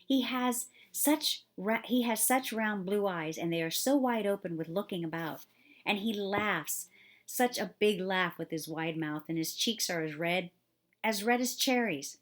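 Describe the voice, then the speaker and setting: A woman's voice: mid-range voice, a little slow, pitched above the performer's own voice, natural voice. A woman voicing a blunt, stubborn young girl who talks eagerly about the moor. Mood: earnest. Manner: obstinate, eager.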